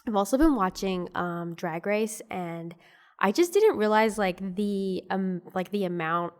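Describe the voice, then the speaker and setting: A woman's voice: medium pitch, a little slow, a little mellow. A woman comedian guesting on a podcast in a studio, chatting casually with lots of fillers. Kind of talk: casual chat.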